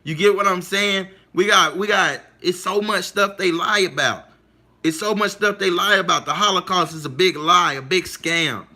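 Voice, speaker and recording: A man's voice: sits high, moderate pace, pushed and bright. A man hosting a livestream, talking emphatically and repeating himself, often asking his listeners if they follow him. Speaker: livestream host. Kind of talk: casual livestream monologue.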